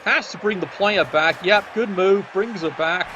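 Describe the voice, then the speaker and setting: A man's voice: sits high, measured pace, lo-fi sound, noisy background. A man giving cheeky, sardonic commentary on a tabletop game match.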